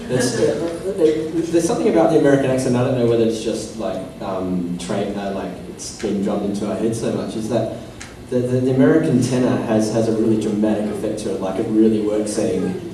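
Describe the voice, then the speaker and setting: A man's voice: lowish voice, brisk, hardly any pauses, warm tone. A man with an Australian accent answering questions on a convention panel in a rambling, self-deprecating way. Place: convention hall. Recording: echoey hall from far off, noisy.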